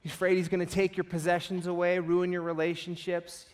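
Casting: male pastor, lively sermon delivery, voice a little on the high side, acts out story voices. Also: brisk.

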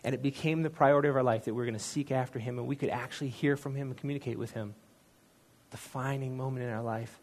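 Man, personal testimony, sermon, earnest, conversational, self-deprecating, middle pitch. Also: fairly even intonation, racing, hardly any pauses, darkish tone, slightly rough. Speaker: church speaker sharing a testimony.

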